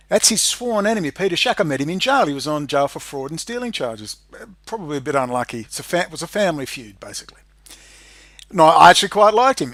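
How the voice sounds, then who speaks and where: An Australian man rants straight at the camera in a high, keyed-up voice. He swears constantly and lurches between sullen muttering and loud outbursts. The sound is close and dry, with no room around it. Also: no room sound. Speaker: independent video maker. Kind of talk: angry ranting monologue.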